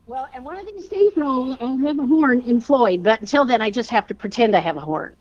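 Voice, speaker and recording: A woman's voice: a little high, animated, fairly quick, muffled recording. A woman guest in a casual chat interview, friendly and storytelling, laughing often. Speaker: guest, car restorer.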